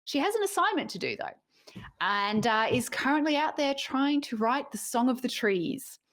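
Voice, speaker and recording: Bubbly, lively woman introducing her character. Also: sits high, normal speed. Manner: bubbly, animated storytelling. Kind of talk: casual livestream chat.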